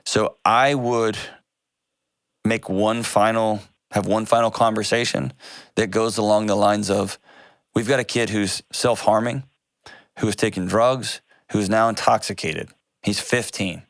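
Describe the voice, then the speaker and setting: A man hosting a call-in advice show, talking directly and earnestly, quick to correct himself. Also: lowish voice, fairly even intonation, no room sound, studio quality.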